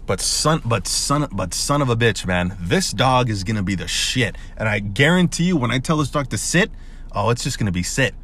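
A young man hosting a casual solo podcast, rambling excitedly with lots of swearing and restarts. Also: mid-range voice, normal speed, slight background noise. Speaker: podcast host.

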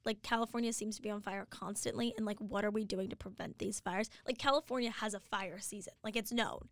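A woman's voice: mid-range voice, brisk, dry recording, clean studio sound. A young American woman co-hosting a casual news chat, giggling often and filling her talk with "like". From United States. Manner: giggly, filler-heavy, animated. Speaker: co-host.

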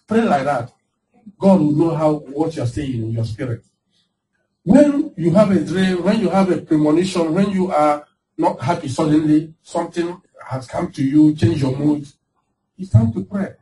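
Animated preacher man, distant mic. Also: a little high, normal speed. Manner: animated, laughing, acting out quoted voices. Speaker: pastor. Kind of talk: sermon. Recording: distant mic with faint background noise.

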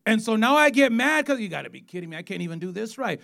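A man in his forties, an evangelist telling his testimony in a sermon, animated and acting out quotes. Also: sits high, quick pace, creaky, hardly any pauses. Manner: animated storytelling, acts out quotes.

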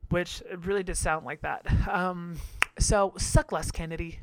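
A man's voice: high-pitched, steady tone, normal speed, clear, resonant tone, dry recording, studio quality. A man giving casual episode commentary on a reality show, sassy, crude and gossipy, laughing often.

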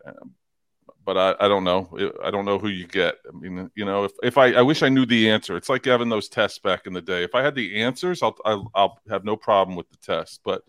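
A man's voice: lowish voice, a little fast, a bit bright, no echo. A man co-hosting a casual sports talk podcast, rambling, stammering and firing off rhetorical questions. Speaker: podcast co-host.

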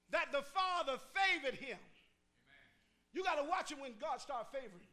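Male preacher, call-and-response sermon, church, very high pitch, rhythmic repetition, hushed then shouting. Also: expressive, moderate pace. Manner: swings from hushed asides to shouted emphasis; rhythmic, repeats phrases and urges the crowd to answer.

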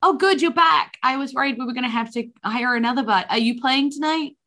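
A woman voicing an excitable tavern owner who gushes in a high, rushed voice. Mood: relieved.

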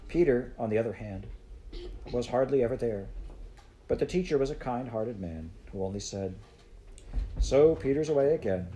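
A man reading a classic children's storybook aloud in a measured, unhurried way. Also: medium pitch, animated, dark tone, slight background noise, low-quality recording. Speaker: audiobook narrator.

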